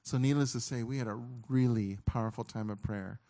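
Middle-aged guy preaching, earnest, lots of stops and restarts, regular pitch. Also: mellow. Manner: earnest, halting, with frequent restarts. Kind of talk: sermon storytelling.

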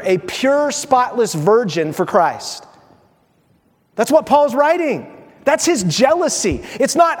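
A man preaching a sermon as pastor, telling the story with lively mock voices. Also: extremely high pitch. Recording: long reverb of a large hall.

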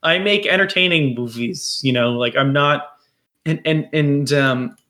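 A man's voice: a little high, a little slow, pushed and bright. A man co-hosting a podcast in casual chat, a little drunk, rambling and swearing with lots of restarts. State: tipsy. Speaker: podcast co-host.

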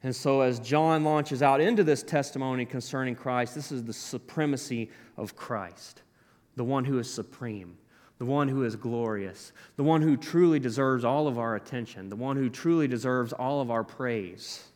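A man preaching a sermon, animated, acting out the voices in the scripture he quotes. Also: medium pitch, moderate pace. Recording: long hall reverb.

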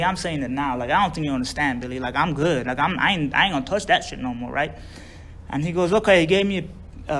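A man with a drawl telling a long recovery story, profane and loose, acting out what others said to him. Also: fairly high pitch. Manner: profane, drawling, acts out quoted voices. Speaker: speaker sharing recovery story. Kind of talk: storytelling to a group.

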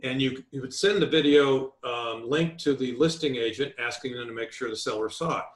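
A man in the middle of an interview, teaching negotiation tactics for real estate. He speaks at a mid pitch, stresses his points firmly and lays them out one by one. His voice carries a clear echo from the room around him. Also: normal speed. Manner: emphatic, instructive, list-like delivery. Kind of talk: remote interview.

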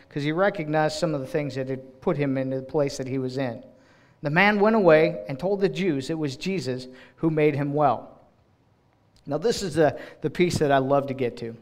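Casting note: male preacher, slightly high voice, expressive delivery with quick restarts. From United States. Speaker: director of global partnerships speaking in church. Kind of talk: sermon.

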